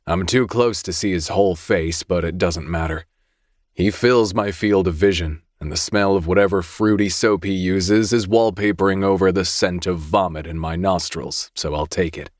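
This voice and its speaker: A deep-voiced man narrates an audiobook in the first person at a moderate pace. The recording is dry, with clean studio sound.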